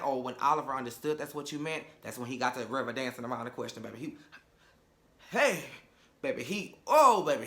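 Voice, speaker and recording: A man's voice: medium pitch, bright, forceful tone. A man giving a casual reality TV episode review, sassy and profane, with campy asides. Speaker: reality TV recap vlogger.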